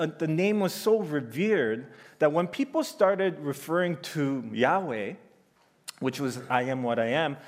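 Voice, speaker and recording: Man preaching in a reverberant church. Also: on the high side. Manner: conversational, asks the room "right?" often. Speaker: pastor. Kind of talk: sermon. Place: church sanctuary. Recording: church hall with long reverb.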